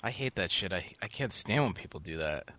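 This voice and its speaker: A man co-hosting a casual podcast, telling animated, profane stories with loud outbursts. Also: low voice, a little fast, no echo. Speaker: podcast co-host.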